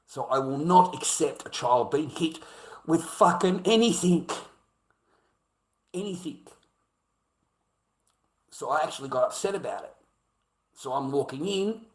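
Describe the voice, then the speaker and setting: An Australian man livestreaming a heated, profane rant, repeating himself as he speaks. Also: mid-range voice. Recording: roomy echo.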